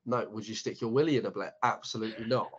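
A man's voice: lowish voice, rapid-fire, breathy edge, muffled recording. A young man co-hosting a podcast in casual chat, swearing freely and laughing often. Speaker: podcast co-host.

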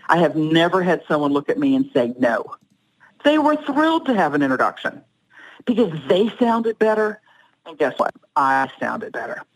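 A middle-aged woman, a speaking coach, giving animated, emphatic advice as a podcast guest. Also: deep voice, rough recording. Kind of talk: podcast interview, advice talk.

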